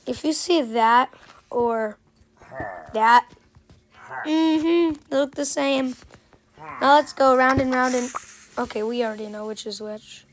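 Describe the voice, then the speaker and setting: A woman giving casual, playful commentary on a game tutorial, joking at herself and trailing off with fillers. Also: high voice. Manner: slow, playful and self-joking, with many fillers and trailing phrases.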